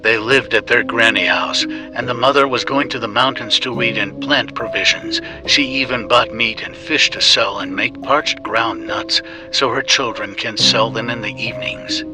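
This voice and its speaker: A man telling a ghost story in slow, even scripted narration. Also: medium pitch. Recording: music bed under the voice.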